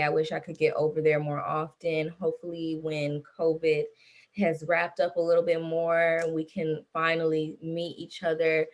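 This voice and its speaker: A young woman from Atlanta, a rapper chatting casually as an interview guest, loose and relaxed with plenty of "like" fillers. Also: sits low. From Atlanta, USA. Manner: relaxed, lots of "like" fillers, laughs easily.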